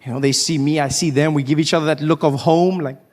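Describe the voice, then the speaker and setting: A man's voice: a little high, steady tone, quick pace, background noise. A South African man doing a stand-up comedy set, wry and self-mocking, acting out people as he talks. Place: live comedy stage.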